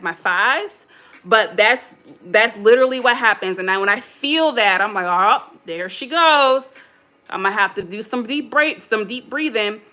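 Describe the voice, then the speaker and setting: A woman's voice: medium pitch, bright, forceful tone. A woman with a mixed Philadelphia and Chicago American accent, hosting a live motivational talk in a casual, candid way and speaking straight to her viewers. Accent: American English, Philadelphia and Chicago mix. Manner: casual, candid, self-coaching with quoted self-talk. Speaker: motivational host.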